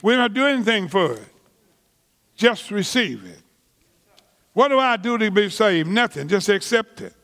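Pastor, male, high voice, deliberate preaching pace, reverberant church sound. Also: very animated, a bit bright. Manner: slow, emphatic preaching with drawn-out words and repetitions; colloquial vernacular grammar. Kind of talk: sermon.

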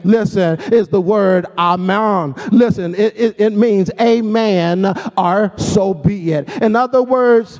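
A man's voice: high voice, darkish tone. A man preaching a sermon. He calls for responses from the congregation, draws out key words for emphasis and at times breaks into a sung, whooping delivery. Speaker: pastor.

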